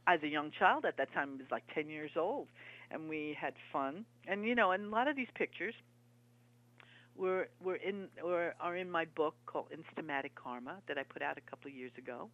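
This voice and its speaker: A woman interview guest and author, talking in an earnest, halting, reminiscing way. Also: low voice, a bit bright. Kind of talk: conversational interview. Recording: dull lo-fi broadcast audio.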